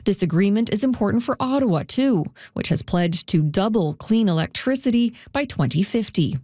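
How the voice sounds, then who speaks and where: Woman reporter with a mellow voice. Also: mid-range voice, animated, normal speed, no room sound, clean studio sound. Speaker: news reporter. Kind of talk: scripted news report.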